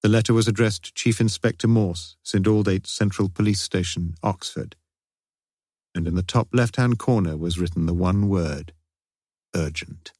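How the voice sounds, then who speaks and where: A man reading an audiobook detective novel in a measured, wry narration. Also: sits low, darkish tone, no echo, studio quality. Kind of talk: scripted narration.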